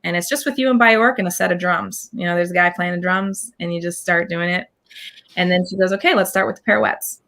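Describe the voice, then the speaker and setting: A woman guest talking in an animated, casual interview, scatting rhythms and acting out what others said. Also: lowish voice, fairly quick. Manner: animated, scats dance counts, acts out quotes. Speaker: guest performer.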